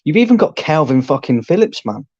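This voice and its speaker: A man calmly arguing a point about his football club's squad in casual chat. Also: a little high, brisk, no echo, lo-fi sound. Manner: calm, explanatory, argumentative. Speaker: co-host, football fan.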